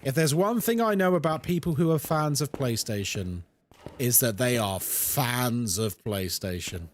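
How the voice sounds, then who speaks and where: A young man streaming a horror game, chatting with his viewers in a jokey, animated way. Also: medium pitch, unhurried, slight background noise. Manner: animated and chatty, reads chat aloud, jokey asides. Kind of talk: casual live-stream chat while gaming.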